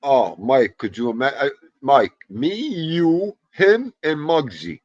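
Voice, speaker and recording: A man in his fifties runs a casual livestream, joking around as he welcomes viewers one by one. He speaks slowly in a medium-pitched, slightly mellow voice with big pitch swings, over dull lo-fi audio with no echo.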